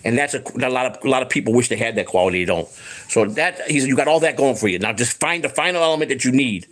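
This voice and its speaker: A man's voice: mid-range voice, animated, fast talker, fairly bright tone. A man hosting a casual livestream chat, rambling and profane, with lots of restarts, acting out what other people said. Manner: acts out quoted people in his voice. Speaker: host.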